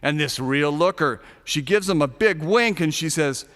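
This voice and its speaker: In a large hall, a man narrates a first-person short story with sardonic, darkly comic flair, occasionally shouting a punchline. His voice is a little high and expressive, at normal speed.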